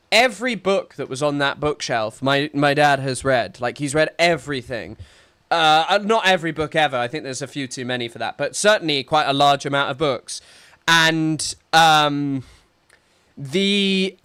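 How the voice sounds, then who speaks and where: A man's voice: on the high side, fairly bright tone, clear, resonant tone. A young man, rambling and sarcastic in casual live-stream commentary, full of restarts and fillers. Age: young adult.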